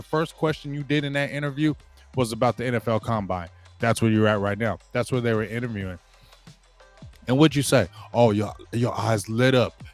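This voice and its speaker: A man hosting his own sports show, ranting in a heated, repetitive way, restarting words and mocking the people he quotes. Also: mid-range voice. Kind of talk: opinionated sports commentary rant.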